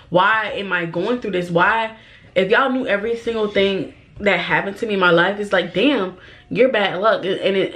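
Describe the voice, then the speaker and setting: A young woman vlogging while doing her makeup, holding back tears and talking in a halting, repetitive way. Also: mid-range voice, a bit bright. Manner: halting, emotional, repeats herself, sighs. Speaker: beauty vlogger. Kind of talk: get-ready-with-me chat.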